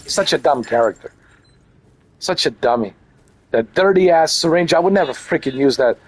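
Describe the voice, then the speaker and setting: A man's voice: a little high, animated, normal speed. A man giving casual let's-play commentary, crude and mocking, repeating his jokes. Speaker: gaming channel host.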